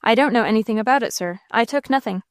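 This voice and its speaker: A woman's voice: fairly high pitch, fast, clean tone, dry recording, studio quality, natural voice. A woman voicing an honest teenage street boy in an audiobook, answering plainly and stubbornly. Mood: earnest.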